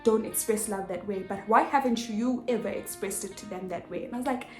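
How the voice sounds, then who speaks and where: A young woman telling a personal story in a casual vlog, animated and expressive, acting out the dialogue. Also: medium pitch, fairly quick. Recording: echoey room with faint music.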